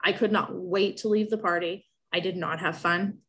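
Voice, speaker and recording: A woman's voice: lowish voice, steady tone, normal speed, fairly bright tone. A young woman telling a personal story in casual talk, emotional and rambling, with many restarts.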